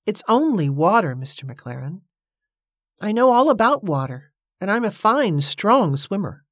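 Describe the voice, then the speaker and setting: A woman's voice: medium pitch, very animated, unhurried, dry recording, studio quality, voice pushed up. A woman voicing a determined young woman daredevil in a storybook reading, speaking boldly and eagerly. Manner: bold, eager.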